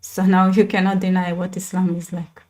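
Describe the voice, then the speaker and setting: A woman with an Israeli accent, a native Hebrew speaker, hosting a casual livestream chat and talking in quick bursts with many restarts. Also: on the low side, level tone, a little mellow. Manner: chatty, many restarts and fillers. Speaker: channel host.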